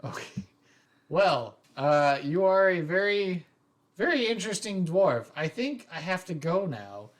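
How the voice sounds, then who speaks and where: A man's voice: high-pitched, sing-song, unhurried, voice pushed up. A man voicing a shy young male student who stammers nervously. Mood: flustered.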